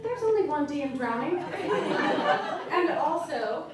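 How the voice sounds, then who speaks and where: A woman's voice: high-pitched, sing-song, slow pace, a loud crowd, heavy background noise. A woman author giving a live reading of her own wry, comic prose to an audience at a literary event. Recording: roomy live hall, mic far off, loud audience.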